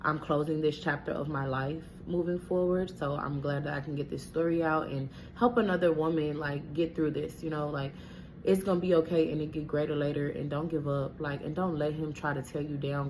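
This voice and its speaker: A young woman with a low voice tells her story straight to the camera, blunt and salty, cursing freely and calling out to her viewers. There is a faint hiss of noise under her voice. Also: moderate pace. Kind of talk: casual storytime monologue.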